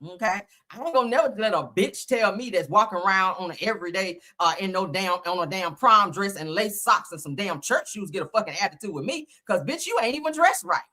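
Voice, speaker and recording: A woman's voice: medium pitch, expressive, brisk, few pauses, sharp tone. A woman hosting a livestream, giving blunt, profane commentary and often laughing as she talks. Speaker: livestream host.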